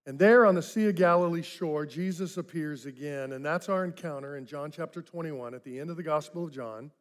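Male pastor, storytelling sermon delivery, slightly raised pitch, sinks soft and low for reflection. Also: brisk. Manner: dramatic storytelling, acting out quoted voices; drops to soft, low tones for reflective points.

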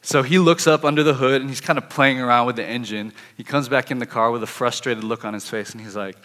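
A young man in his twenties telling a personal testimony as a sermon, animated and acting out his own thoughts. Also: mid-range voice, fast, few pauses, in a large hall. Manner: lively, animated, acts out his inner thoughts. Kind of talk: sermon-style storytelling.

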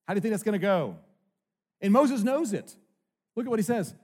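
Higher-voiced male preacher, emphatic. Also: big-room sound. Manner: emphatic, swinging between hushed and loud; conversational, with quick restarts. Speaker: pastor. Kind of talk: sermon.

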